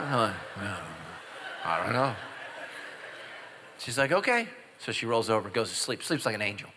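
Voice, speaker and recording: A man preaching a humorous sermon as a pastor, telling stories and swinging from loud high exclamations to quiet confessional asides. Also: normal speed, big-room sound, noisy background. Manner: animated, jumps into loud high exclamations and drops to hushed confessions.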